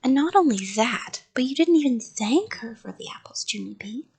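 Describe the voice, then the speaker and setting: Woman doing a worn-out storybook mom laying down the rules, breathy and a bit high. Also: expressive, normal speed, darkish tone, exaggerated voice. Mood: scolding. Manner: firm and scolding. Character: patient, exasperated mother of a young girl. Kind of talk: storybook reading.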